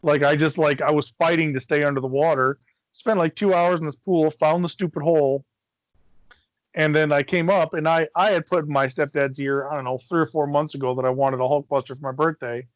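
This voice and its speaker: A man's voice: on the high side, fairly even intonation, a little fast, no echo, muffled recording. A middle-aged man from Michigan, co-hosting a podcast and telling a long rambling story in casual chat, swearing freely and acting out what people said. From Michigan, USA. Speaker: podcast co-host.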